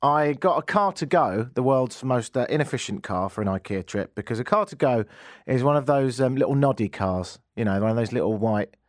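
A man hosting a radio show, telling a joking story in an animated way from a studio. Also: medium pitch, fairly quick, dry recording. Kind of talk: comic radio monologue.

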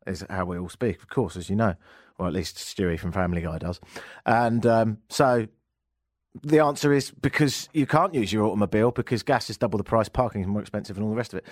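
A man's voice: medium pitch, no room sound, studio quality. A man with an English accent hosting a radio talk show, ranting with sarcastic, joking asides.

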